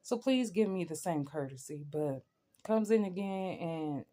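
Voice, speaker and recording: Young adult woman, vlog venting; warm, low-set voice, emphatic and rambling delivery. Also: lively intonation, a little slow. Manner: emphatic, rambling, keeps asking "you know what I'm saying". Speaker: vlogger. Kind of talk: venting rant to camera.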